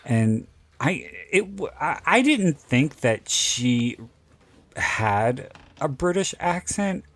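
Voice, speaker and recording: A man's voice: fairly high pitch, big pitch swings, slow pace, fairly bright tone. A man hosting a podcast, talking in a rambling, candid way and swearing freely. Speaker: podcast host. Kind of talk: casual chat.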